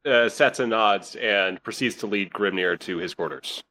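Lower voiced guy at the game table, bright tone, lots of uhs. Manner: unhurried, hesitant with fillers. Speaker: player. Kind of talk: tabletop role-play.

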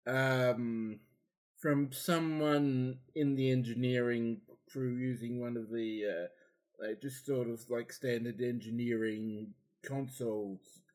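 Man tabletop player, slow, hesitant, lots of ums, medium pitch. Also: fairly even intonation, darkish tone. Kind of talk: casual tabletop roleplay.

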